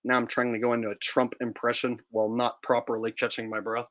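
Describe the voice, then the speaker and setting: A man's voice: medium pitch, flat delivery, fairly quick, a bit bright. A man hosting a joking live stream commentary, chatting directly to his viewers. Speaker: streamer and host.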